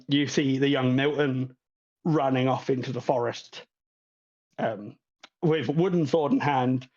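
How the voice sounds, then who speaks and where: A man's voice: medium pitch, darkish tone, muffled recording. A man narrating a tabletop game as game master, rambling with many fillers and laughs.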